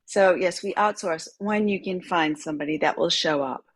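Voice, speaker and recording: A woman on an online group call, chatting and telling a personal story in a lively way, laughing often and acting out what others said. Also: on the low side, normal speed, slight background noise. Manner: chatty, laughs often, acts out quoted voices. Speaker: call member sharing. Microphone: computer mic on an online group call.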